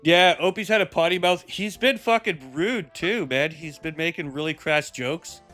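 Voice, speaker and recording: Easygoing male streamer calling a game fight live; slightly raised pitch, music audible behind. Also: normal speed, sharp tone. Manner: laid-back, chatty, with play-by-play calls. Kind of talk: casual live-stream commentary.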